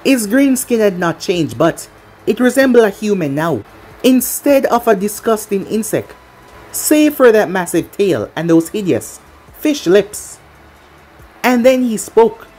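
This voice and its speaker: A woman reads fan fiction aloud as a narrator. Her voice is husky, and her pitch moves about a great deal. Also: sing-song, measured pace, dark tone, soft background music.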